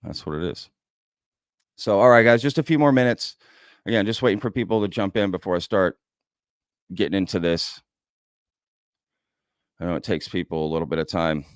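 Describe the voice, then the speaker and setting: A clear, resonant low voice belongs to an American man hosting a laid-back livestream at normal speed with long pauses. He chats freely, reads out what viewers comment, and says "y'all," recorded in studio quality with no room sound.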